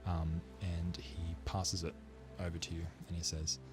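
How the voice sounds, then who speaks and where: A man with a low voice running a tabletop game. He narrates the scene casually, hesitating with fillers. Soft music plays faintly behind him. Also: completely flat delivery, measured pace. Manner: casual, many fillers, laughs often. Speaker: game master.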